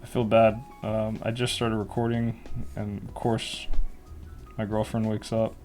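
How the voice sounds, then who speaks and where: A cartoonist casually talking through a drawing lesson in a relaxed, rambling way. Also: male voice, lowish voice, measured pace, soft background music. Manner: relaxed, rambling, laughs often.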